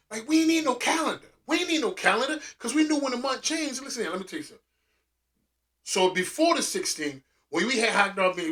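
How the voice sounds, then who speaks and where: Animated storytelling man, high and bright. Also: far from the mic. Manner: loose, animated, with frequent restarts and slang. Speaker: restaurant owner and vlogger. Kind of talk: casual storytelling monologue.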